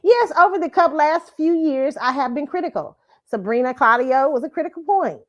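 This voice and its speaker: A woman's voice: high-pitched, animated, a little fast, highs cut off. A woman hosting her own pop-culture commentary stream, talking bluntly with plenty of swearing, frequent laughs and repeated "okay?". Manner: blunt and profane, laughs often, keeps asking "okay?". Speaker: show host. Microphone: streaming setup mic.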